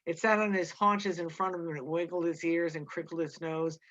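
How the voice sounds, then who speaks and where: A woman reading a novel aloud in a plain, steady narrating voice. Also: on the low side, brisk. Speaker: reader. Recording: dull lo-fi recording.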